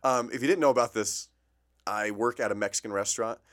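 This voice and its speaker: A man with a fairly low voice co-hosts a casual podcast, keeping things loose and joking and tossing in "bro" and "dude" as he talks. He is recorded in a small office. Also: fast, a bit bright. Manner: laid-back, joking, says "bro" and "dude". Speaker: podcast co-host. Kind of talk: casual chat.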